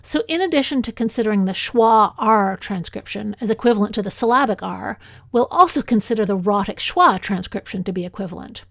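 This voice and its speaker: A woman with a Canadian accent, a linguistics instructor reading a lecture in a clear, measured way, slowing down to sound out example words. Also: mid-range voice, lively intonation, fairly bright tone, dry recording, studio quality. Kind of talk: scripted lecture narration.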